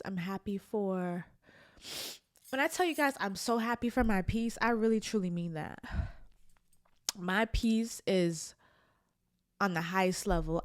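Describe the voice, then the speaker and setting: A woman's voice: on the low side, no room sound, clean studio sound. A woman hosting a podcast, talking candidly and reflectively to camera, with many "like" fillers. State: tearful at times. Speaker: podcast host. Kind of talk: candid personal talk to camera.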